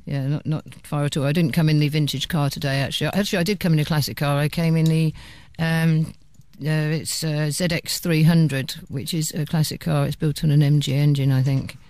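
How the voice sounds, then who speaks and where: A woman's voice: low voice, fairly even intonation, a little fast, hardly any pauses, darkish tone, dry recording. A woman bandleader chatting on a radio show as a guest, joking along with the host. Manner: chatty, good-humoured, joking back. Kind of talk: casual radio interview.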